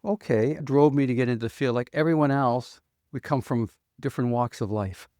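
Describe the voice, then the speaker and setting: A mature man with a Canadian accent, speaking as an interview guest in an earnest, measured way. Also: mid-range voice, warm tone, dry recording, clean studio sound. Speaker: guest, economic developer. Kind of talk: conversational interview.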